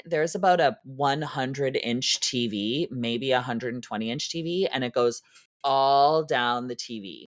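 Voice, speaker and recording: A man's voice: medium pitch, fairly bright tone, dry recording. A man who performs in drag, from Canada, telling a mishap with theatrical camp flair. His voice sits in the middle range and the recording is dry and close, with no room around it. He laces the story with self-mocking boasts. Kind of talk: casual podcast chat, storytelling.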